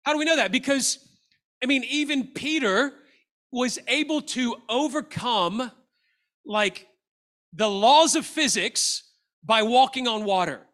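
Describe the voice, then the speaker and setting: Man, pastor, lively sermon, high voice, bright tone, acts out characters. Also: unhurried. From Australia. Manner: animated, acts out Bible characters' lines. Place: church hall.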